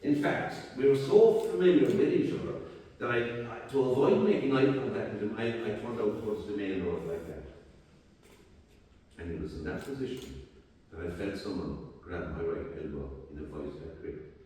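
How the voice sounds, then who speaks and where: A man with an Irish accent telling a story on stage in a live one-man show, swinging between loud and hushed and often repeating himself. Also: lowish voice, normal speed, a little hiss or hum. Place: stage in a hall. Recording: echoey hall, mic far off.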